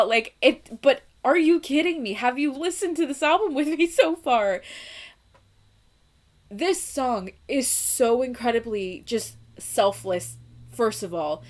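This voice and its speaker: A young woman hosting a music reaction video, chatting casually and emotionally, laughing often and swearing now and then. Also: fairly high pitch.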